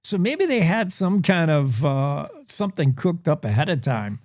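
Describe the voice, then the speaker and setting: A man's voice: fairly high pitch, sing-song, moderate pace, darkish tone, no echo. Male radio co-host, hesitant, lots of "uh", dry humor, dead-dry studio sound. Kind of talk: casual on-air banter.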